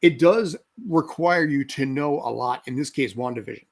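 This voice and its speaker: A man's voice: mid-range voice, moderate pace. A man in his forties co-hosting a podcast, talking in a rambling, sarcastic way that keeps cutting itself off. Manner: rambling, self-interrupting, sarcastic. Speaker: podcast co-host. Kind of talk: casual chat.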